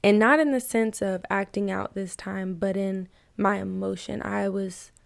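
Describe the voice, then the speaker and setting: A woman's voice: medium pitch, fairly even intonation, unhurried, vocal fry, dry recording. A young woman hosting a podcast, telling her personal faith testimony in an earnest, reflective way that turns emotional at times. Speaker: podcast host. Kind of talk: personal testimony, casual and heartfelt.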